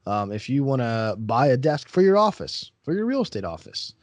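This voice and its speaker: A man hosting a podcast as a real estate broker, telling stories in casual chat and getting animated as he acts out the people in them. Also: moderate pace, no room sound. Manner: animated storyteller, acts out callers and rises in pitch when worked up.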